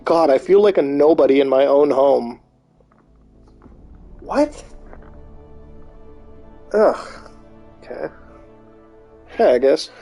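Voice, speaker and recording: A man's voice: medium pitch, a little fast, few pauses, faint music behind. A man streaming live, reading posts aloud and reacting with disbelief and swearing. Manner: incredulous, swearing, reacting out loud.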